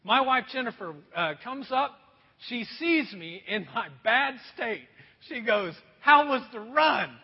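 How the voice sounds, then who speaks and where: High-voiced pastor preaching in an echoing hall. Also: male voice, takes it slowly, slightly rough. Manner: storytelling, animated and self-deprecating. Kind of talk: sermon. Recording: dull sound with long hall reverb.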